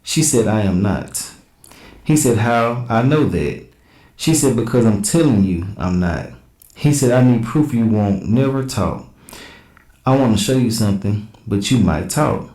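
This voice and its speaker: Low mellow guy reading texts out loud on a reaction show, blunt and slangy, kinda echoey room. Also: animated, unhurried. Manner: blunt, slangy, reads quoted messages in a plain back-and-forth. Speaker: reaction channel host. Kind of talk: casual commentary reading text messages aloud.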